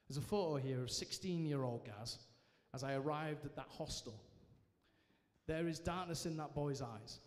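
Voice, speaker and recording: A man's voice: fairly high pitch, normal speed. Man telling his story in a church hall. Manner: lively storytelling with self-mocking humour. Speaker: guest speaker sharing his testimony. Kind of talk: personal testimony told to a live audience. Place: large church hall, indoors.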